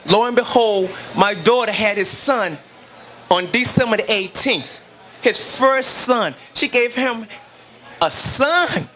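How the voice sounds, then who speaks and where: High bright-voiced emotional father. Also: a little slow. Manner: earnest, emphatic, repeats phrases. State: emotional, near tears. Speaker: guest, grieving father. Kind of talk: emotional testimony.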